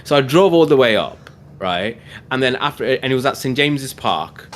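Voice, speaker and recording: A man's voice: mid-range voice, animated. A man from near Birmingham, hosting a casual livestream chat and telling self-mocking stories. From England, near Birmingham. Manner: chatty storyteller, self-mocking, quick to joke. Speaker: podcast host.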